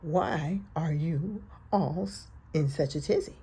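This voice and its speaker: A woman voicing a sly, smooth-talking male fox in a storybook, speaking low and soft. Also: slow pace, full character voice.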